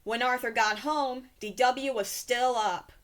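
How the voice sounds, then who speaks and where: Slow, expressive woman reading a storybook. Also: a little high. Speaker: storybook reader. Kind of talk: children's story read-aloud.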